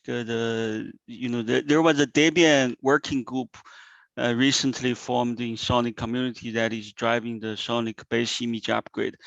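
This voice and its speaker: A man's voice: mid-range voice, vocal fry, a bit bright, dry recording. Man chairing a call, dull dry audio. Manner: hesitant, with many fillers. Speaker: meeting chair. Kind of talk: meeting discussion. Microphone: video call.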